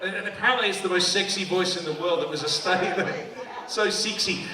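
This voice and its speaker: An Australian man doing stand-up at an awards night, teasing the crowd with playful banter. His voice sits high. He is picked up from a distance in a very echoey hall, with an audience audible around him. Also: fast. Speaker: comedian hosting an awards night. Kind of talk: stand-up comedy with crowd work. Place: large event hall with a live audience.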